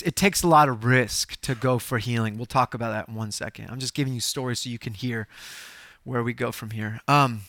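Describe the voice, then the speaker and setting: A male pastor telling stories in a sermon, animated and self-deprecating, with bursts of loud exclamation. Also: medium pitch, no echo, studio quality. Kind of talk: sermon storytelling.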